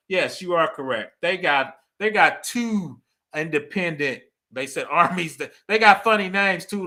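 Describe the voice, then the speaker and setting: Man, middle-aged, high voice, crisp bright tone, casual livestream host, chatty, laughs a lot. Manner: chatty, laughs often, keeps asking "right?". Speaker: cybersecurity channel host. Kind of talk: casual livestream commentary reading chat.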